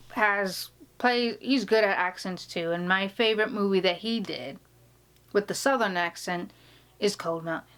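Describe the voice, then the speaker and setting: A woman's voice: mid-range voice, fairly bright tone. A woman vlogger talking casually to camera, gushing and rambling, sometimes dropping to a whisper.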